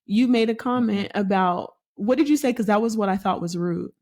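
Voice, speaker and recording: A young adult woman co-hosting a casual chat about marriage, telling a story and acting out the quotes with lively emphasis. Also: medium pitch, brisk. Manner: animated storytelling, acts out quotes. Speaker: podcast co-host.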